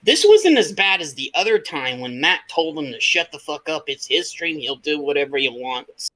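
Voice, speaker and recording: A man chats on a stream, telling stories with animated delivery and acted-out quotes. His pitch swings widely, and his voice has a bright, forceful edge. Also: moderate pace, poor audio. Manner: animated, acts out quotes, laughs a lot. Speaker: stream guest. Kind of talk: casual storytelling chat.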